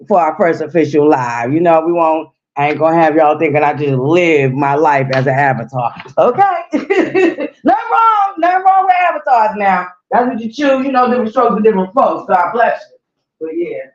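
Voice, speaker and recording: A woman's voice: low-pitched, a little mellow. A woman hosting her own livestream in a casual, chatty way, talking straight to her viewers. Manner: chatty, repeatedly addresses viewers directly. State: slightly out of breath. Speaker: livestream host. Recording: dull lo-fi audio.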